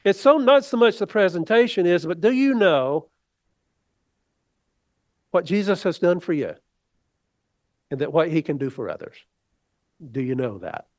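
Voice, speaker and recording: A man's voice: sits high, dry recording. A man preaching a sermon as pastor, in a folksy, rambling way with many restarts.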